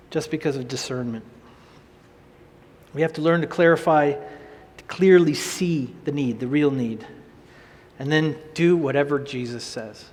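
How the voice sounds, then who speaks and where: A man preaching a sermon in an animated, conversational way, often repeating phrases for emphasis. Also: on the high side, in a large hall.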